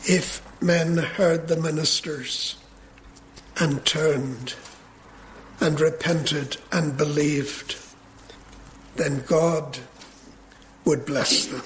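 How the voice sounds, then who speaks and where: A man preaching a sermon in a measured way, building to emphatic peaks. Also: fairly high pitch, steady tone, slight background noise.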